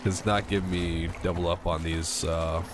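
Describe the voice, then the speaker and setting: A man's voice: low-pitched, level tone, normal speed, noisy background. A man giving casual let's-play commentary, rambling, swearing freely and talking to himself and the game characters. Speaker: gamer playing a video game.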